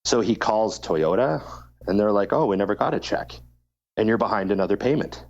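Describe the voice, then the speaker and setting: A man's voice: on the low side, fairly quick, darkish tone, lo-fi sound. A man co-hosting a podcast, telling a long story in casual chat and swearing freely. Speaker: podcast co-host.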